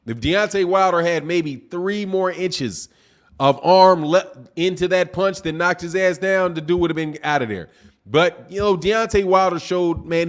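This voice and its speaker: A man with a notably high voice hosts a live boxing stream and answers his chat. He argues in a heated, profane, exasperated way and keeps his talk casual and full of slang. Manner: talks fast with casual slang. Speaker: boxing channel host reading live chat.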